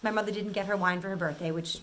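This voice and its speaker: A middle-aged woman vlogging a rant, full of exasperation. She talks at an everyday pitch and acts out each quote of the story. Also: fairly even intonation, quick pace, a bit bright. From Italian-American family.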